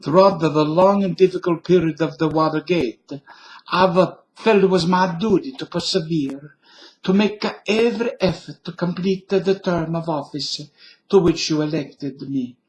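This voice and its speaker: A man reading a formal resignation speech in a put-on Italian accent, slow and stately. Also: fairly high pitch, a little mellow, close to an everyday voice. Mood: solemn.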